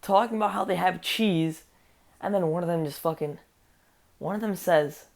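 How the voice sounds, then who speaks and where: A woman's voice: lowish voice, moderate pace, creaky, darkish tone. A woman telling a story for her vlog, rambling, swearing a lot and sounding incredulous. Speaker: vlogger. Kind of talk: casual story time.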